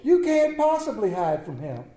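A man preaching a sermon in an earnest manner, repeating key words and often dropping to a hushed tone. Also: extremely high pitch, wildly swooping pitch, normal speed, roomy sound, poor audio.

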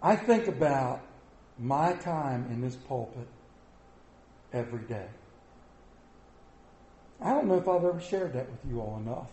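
A middle-aged man preaching a sermon as the church's pastor, telling stories and dropping from loud to soft. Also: mid-range voice, expressive, unhurried, long pauses. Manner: storytelling, swinging between soft and loud. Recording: echoey church hall.

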